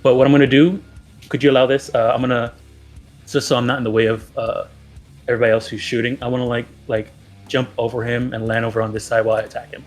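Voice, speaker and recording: A man's voice: mid-range voice, level tone, fast talker, faint music behind. Hesitant man thinking aloud as a player. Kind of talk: casual tabletop game play.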